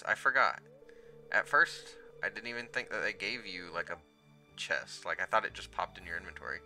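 A man's voice: low-pitched, expressive, a little slow, pauses often, sharp tone, soft background music. A man hosting a let's play, casually explaining the game as he plays with lots of ums. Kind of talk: gameplay commentary.

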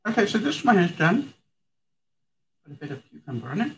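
A woman's voice: medium pitch, very animated, fairly quick, poor audio. Chatty woman cooking on a live stream. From Canada. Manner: chatty, laughs often, talks to viewers. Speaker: vlogger. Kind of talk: casual live cooking demonstration.

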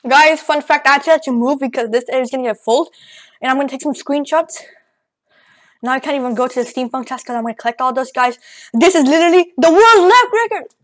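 A woman rambling excitedly through casual gameplay commentary, out of breath and joking as she goes. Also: sits high, quick pace. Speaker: gaming channel host. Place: at home at a computer.

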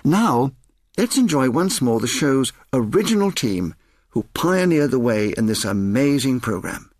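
A man's voice: mid-range voice, very animated, a little slow, darkish tone, dry recording, studio quality. A man presenting scripted links in a tribute programme, in a polished way.

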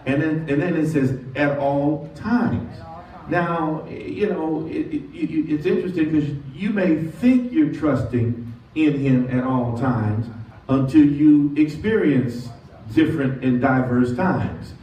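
A man's voice: fairly high pitch, dark tone. A man preaching as pastor, leading call-and-response and stretching out key words. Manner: call-and-response preaching, slow drawn-out emphasis. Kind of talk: sermon. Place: church sanctuary. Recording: distant echoey church sound with dull lo-fi audio and faint noise.

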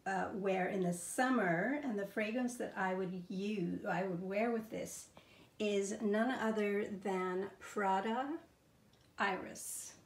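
A woman's voice: mid-range voice, fairly even intonation, takes it slowly, roomy sound. A middle-aged woman showing outfits and perfumes in a home vlog, gushing and enthusiastic, with plenty of fillers. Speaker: fashion and fragrance vlogger. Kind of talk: casual show-and-tell vlog. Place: bedroom at home.

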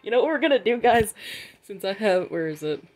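A woman's voice: medium pitch, expressive, brisk. A young woman giving casual gameplay commentary, chatty, swearing freely and talking to the game characters. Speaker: gaming vlogger.

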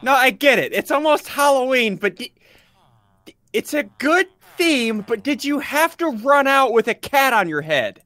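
A man's voice: very high-pitched, animated, normal speed, pushed and bright, dry recording. A man co-hosting a casual gaming video, teasing his partner in a mock-exasperated way. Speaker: co-host.

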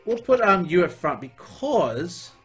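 Young man, let's play commentary, high bright voice, profane excitable outbursts, faint game music behind. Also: unhurried, breathy edge. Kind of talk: gameplay commentary.

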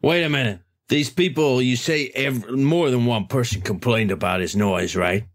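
A man's voice: mid-range voice, moderate pace, natural voice. A man voicing a grizzled, world-weary 1940s New York detective, blunt and dry.

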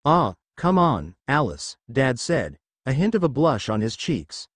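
A man's voice: mid-range voice, very animated, unhurried, no echo. A man reading a fan fiction story aloud in an audiobook style, giving the characters small voice shifts.

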